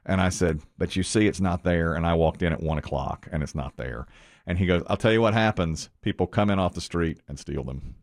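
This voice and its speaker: A man hosting a morning radio show, telling a story in an animated way and acting out the quoted lines. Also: low voice, brisk. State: sweaty from the gym.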